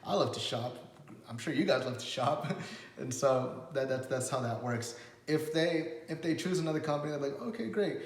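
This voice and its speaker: A man's voice: medium pitch, normal speed, roomy sound, long reverb tail. A man giving a casual sales lesson, acting out customer conversations and laughing often. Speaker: sales trainer. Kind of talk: casual instructional talk.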